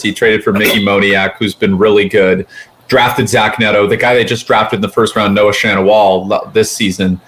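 A man's voice: on the low side, a bit bright. A man co-hosting a sports podcast, chatting casually and rambling with lots of fillers. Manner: rambling, quick, many fillers like "like". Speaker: podcast co-host.

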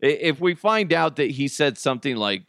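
A male podcast host in a casual solo rant, swearing freely, animated and laughing at his own jokes. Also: fairly high pitch, normal speed, no echo, clean studio sound.

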